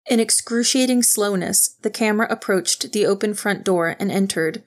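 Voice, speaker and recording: A woman reading a novel aloud in steady, even storytelling narration. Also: medium pitch, moderate pace. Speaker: audiobook narrator. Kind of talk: scripted narration.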